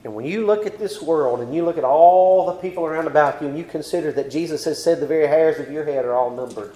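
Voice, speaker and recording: A male preacher giving a sermon. He recites King James scripture and moves between hushed, quiet passages and loud, pleading ones. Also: medium pitch, reverberant, poor audio. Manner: swings from hushed near-whispers to loud impassioned pleading.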